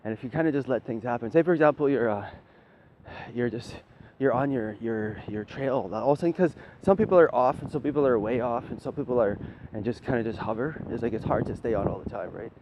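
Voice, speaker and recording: A man's voice: mid-range voice, fast talker. A man talking in a loose, rambling spiritual monologue, swearing freely and asking "right?" again and again. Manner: loose, profane, keeps asking "right?", laughs often. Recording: dull lo-fi audio with faint noise.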